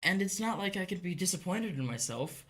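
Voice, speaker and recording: A man's voice: high voice, expressive, brisk, fairly bright tone. A man co-hosting a community TV movie talk show, chatting in a wry, offhand way and laughing along. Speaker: co-host of a movie review show. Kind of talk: casual chat.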